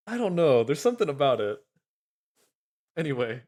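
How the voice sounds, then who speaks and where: A man's voice: medium pitch, very animated, moderate pace, darkish tone. A man chatting casually on a livestream. He rambles, swears and laughs often. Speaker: streamer.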